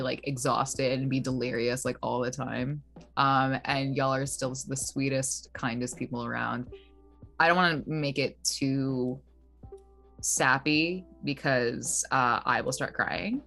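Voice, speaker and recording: A woman's voice: a bass voice, measured pace, gravelly, fairly bright tone. A woman in her twenties, tired and chatty, saying goodbye to viewers with lots of "like" fillers. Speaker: player. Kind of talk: casual goodbye on a stream. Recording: faint music behind.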